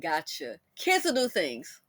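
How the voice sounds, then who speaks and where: A middle-aged woman tells her own stories in a loose, chatty commentary, laughing freely along the way. Her voice is bright and forward, and her pitch swings widely from phrase to phrase. The recording is close and dry, with no room sound around her. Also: wildly swooping pitch, measured pace, dry recording. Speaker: commentator host. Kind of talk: casual storytelling commentary.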